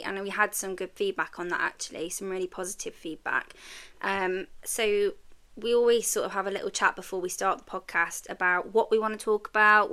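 A woman co-hosting a podcast, chatting in a friendly way, full of tag questions, over a video call. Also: mid-range voice. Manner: warm, encouraging, lots of tag questions. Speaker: podcast co-host. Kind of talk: casual chat.

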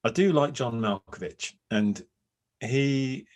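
A man's voice: mid-range voice, takes it slowly, a little mellow. A man co-hosting a podcast from home, musing thoughtfully in casual chat, often hesitating. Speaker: podcast co-host and agile coach.

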